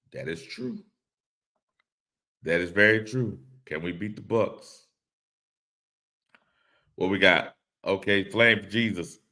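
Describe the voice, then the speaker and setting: A man's voice: low-pitched, sharp tone. A man hosting a casual live-stream podcast, reading chat comments aloud and laughing along in a laid-back way.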